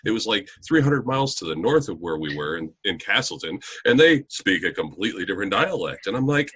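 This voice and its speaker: Deep, husky man chatting. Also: sharp tone. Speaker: podcast co-host. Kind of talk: casual chat.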